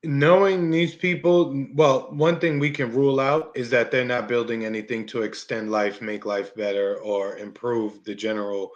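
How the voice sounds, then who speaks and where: A man's voice: mid-range voice, little pitch movement, normal speed, few pauses, dull audio. A man co-hosting a casual talk show, sarcastic and drawling. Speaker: co-host.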